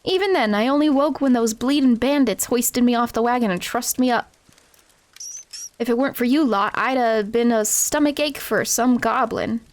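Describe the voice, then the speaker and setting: A woman's voice: fairly high pitch, moderate pace, natural voice. A woman reading the lines of a scrappy, cheeky male street-raised critter from a cozy game.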